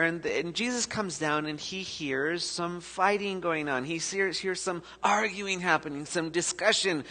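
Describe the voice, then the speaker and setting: A man preaching a sermon as pastor, telling the story with sudden shifts between loud and soft. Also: high voice. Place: church sanctuary. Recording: echoey church hall.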